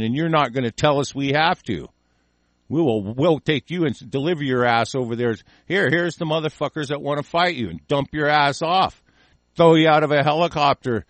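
A man's voice: medium pitch, dry recording. A man hosting a call-in show, delivering an angry, profane political rant in heated bursts.

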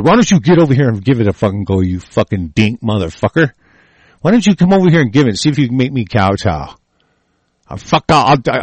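A man's fairly high voice in a heated, foul-mouthed rant. He drops to low mutters, then climbs into raised, shouting tirades, tripping over his own words. The sound is dry and close, with no room around it. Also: no echo. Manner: heated, swearing constantly, stumbling restarts. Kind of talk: angry profane monologue rant.

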